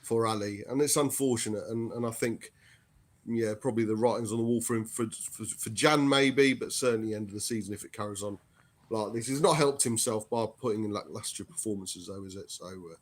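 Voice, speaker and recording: A man's voice: lowish voice, a little fast. A man, chatting casually as a fan guest on a video call, hesitant and full of restarts. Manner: hesitant, restarts often, says mate. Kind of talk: casual chat.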